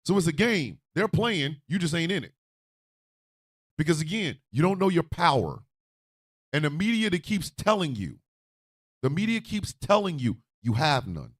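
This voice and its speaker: A man hosting a radio talk show, ranting loudly and profanely, swinging from shouts to low mutters. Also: very animated, normal speed, long pauses, dry recording, studio quality. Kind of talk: animated political rant.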